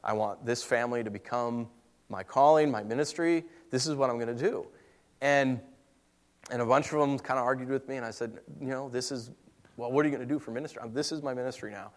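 A man preaching a sermon, telling a personal story in an emotional way that swings between hushed and raised. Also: mid-range voice, brisk.

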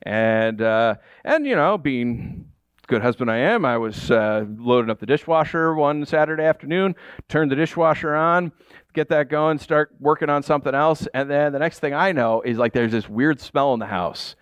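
Male pastor, 30s, from upstate New York, higher voice, dry close sound, animated storyteller. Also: normal speed, clean tone, no echo, muffled recording. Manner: animated storytelling, acts out shouted reactions. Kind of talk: sermon with personal stories.

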